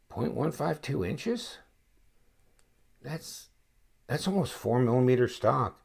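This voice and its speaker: Gravelly, rambling man unboxing a knife. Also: mid-range voice, lively intonation, slow, long pauses, darkish tone. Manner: rambling and chatty, thinking aloud; wry, joking asides. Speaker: knife reviewer. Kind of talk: casual unboxing chat. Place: home, at his inspection table.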